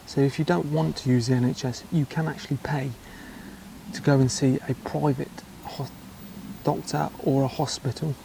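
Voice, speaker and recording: A man's voice: mid-range voice, little pitch movement, moderate pace, creaky, mellow, slight background noise, rough recording. An English man talking casually in a vlog, with dry, chatty asides. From England. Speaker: travel vlogger.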